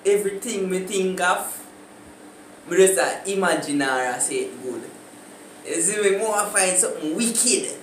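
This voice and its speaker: A man jokes and laughs his way through playful patois lines, taking his time. He sits well back from the mic in an echoey room, with a steady hiss underneath his voice. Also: sits high, far from the mic. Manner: laughing, joking, unhurried. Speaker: vlogger. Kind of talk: playful challenge banter.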